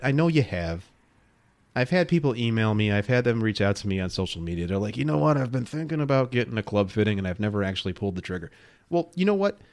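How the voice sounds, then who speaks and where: Animated thirties man hosting a podcast. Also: medium pitch. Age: 30s. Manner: emphatic, animated, addresses listeners directly. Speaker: podcast host. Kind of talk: solo podcast talk.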